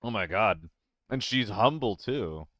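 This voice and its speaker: A man's voice: lowish voice, animated, measured pace, a bit bright, dry recording. A young man streaming a game, chatting casually with viewers, self-deprecating and swearing freely. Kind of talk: casual live-stream chat.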